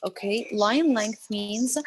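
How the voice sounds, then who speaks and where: A woman's voice: mid-range voice, takes it slowly, a crowd in the background. A woman teaching an online English lesson over a video call, repeating points and checking in with "okay" after nearly every phrase. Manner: repetitive, explanatory, fills with "okay".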